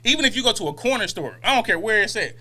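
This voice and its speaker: A man co-hosting a podcast in casual chat, animated and joking, often acting out other people's voices. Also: high voice, racing. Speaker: podcast co-host.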